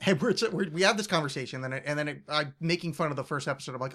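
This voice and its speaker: A man's voice: a little high, fast talker, a bit bright. A man with a slightly raised voice hosts a casual podcast chat. He rambles through stories, restarts his sentences, laughs at himself and swears freely. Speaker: podcast host.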